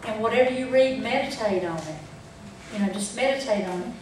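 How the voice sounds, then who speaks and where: A woman's voice: a little high, fairly quick, darkish tone, a little hiss or hum. A woman teaching a Bible study group in a folksy way, checking in with them as she goes. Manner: folksy, asks the group questions. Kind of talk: church training talk. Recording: echoey room from far off.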